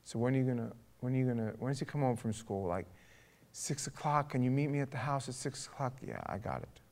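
A pastor, telling a story in a sermon, acting out the people in it and building to a forceful charge. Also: male voice, mid-range voice, expressive, quick pace. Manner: conversational, acts out dialogue, rising to forceful exhortation.

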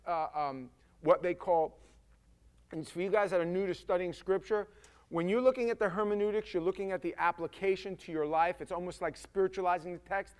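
Male pastor, high voice, animated conversational sermon delivery. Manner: animated, acts out quotes, conversational.

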